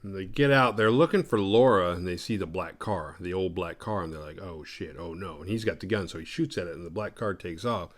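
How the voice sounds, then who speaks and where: A man casually recapping a horror movie with comic sarcasm and profanity, slipping in quick voices for the characters. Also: deep voice.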